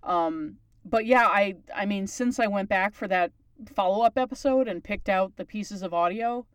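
A podcast host from Newfoundland, Canada, with a townie accent, chats casually at length. Her mid-range voice is smooth and moderately paced, and there is no room sound.

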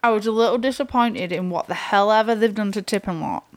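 A woman co-hosting a mountain biking chat, quick and laughing, with the odd swear. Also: medium pitch. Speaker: podcast co-host. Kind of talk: casual chat.

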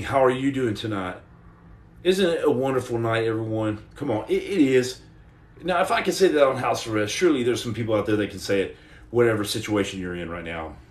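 A man's voice: mid-range voice, recorded from a distance. Rambling joking man, echoey room. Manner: rambling and joking, reads out viewer comments. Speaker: livestream host. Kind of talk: casual livestream chat. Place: indoor room at home.

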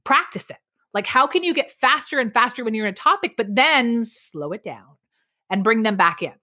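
A middle-aged woman guest on a podcast, explaining speaking tips in an energetic, emphatic way, varying her pace and pitch. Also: quick pace. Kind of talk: lively podcast interview.

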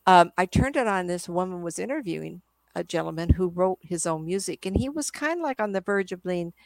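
A woman's voice: fairly low pitch, lively intonation, a little fast, creaky, dry recording. An older woman, a psychic medium guest, telling rambling stories in a casual interview. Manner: rambling, chatty storyteller.

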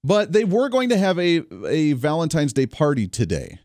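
A man's voice: fairly high pitch, wildly swooping pitch, normal speed, darkish tone, no room sound. A man in his thirties hosting a radio talk show, chatty, upbeat and opinionated, talking straight to his listeners. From Kansas. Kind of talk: energetic radio talk monologue. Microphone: studio microphone. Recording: dry studio sound, faint music.

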